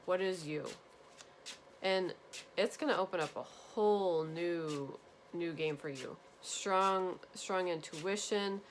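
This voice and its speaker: Woman, tarot reader, earnest and reassuring, lower voice, light background hiss. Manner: gentle, earnest, repetitive reassurance. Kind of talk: spiritual tarot reading to viewers.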